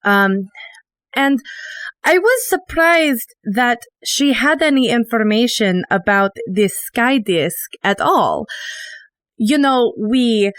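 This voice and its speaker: A woman voicing a grieving adventurer with a put-on accent, speaking in character with halting, emotional pauses. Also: medium pitch, no echo, close to an everyday voice. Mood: somber, grieving. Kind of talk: in-character monologue in a tabletop game.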